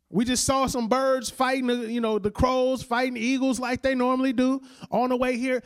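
High-voiced preaching man. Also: flat delivery. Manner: conversational preaching, calls the congregation to repeat after him; slows down and drops his voice on key lines. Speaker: pastor. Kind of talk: sermon.

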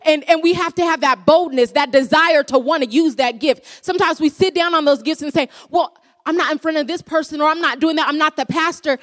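A woman's voice: sits high, a little fast, a bit bright. A woman preaching a sermon, earnest and repeating phrases for emphasis. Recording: long hall reverb.

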